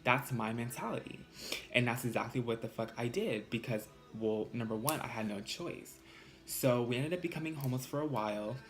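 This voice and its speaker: Young guy vlogger, sassy and blunt, mid-pitched voice, casual storytime delivery. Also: a little fast, faint music behind. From California. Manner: animated, sassy, swears freely.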